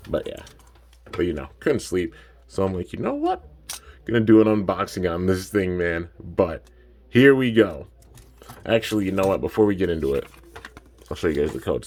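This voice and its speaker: A young man with a very deep voice chats his way through an unboxing. He rambles in a relaxed, unhurried way, filling gaps with "man" and "like," and sounds a little sleepy. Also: slight background noise. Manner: laid-back, rambling, peppered with "man" and "like". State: a bit sleepy. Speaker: toy reviewer. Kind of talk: casual unboxing chat.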